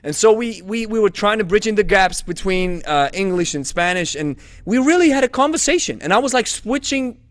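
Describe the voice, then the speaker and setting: A man's voice: high-pitched, expressive, no room sound. Upbeat man hosting a podcast, dry sound. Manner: enthusiastic, affirming, quick interjections. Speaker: podcast host. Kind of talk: casual podcast chat.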